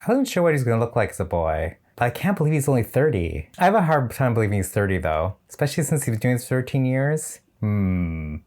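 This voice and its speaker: A man's voice: mid-range voice, sing-song, quick pace, hardly any pauses, darkish tone. A man reviewing a drag competition show in a casual, chatty reaction style, with opinionated and slightly shady asides.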